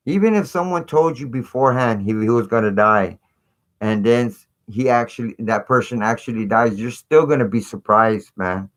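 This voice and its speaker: A man with a mid-range voice speaks a little slowly while hosting a live stream. His talk is rambling and casual, full of fillers and asides, with a conspiratorial chatty manner.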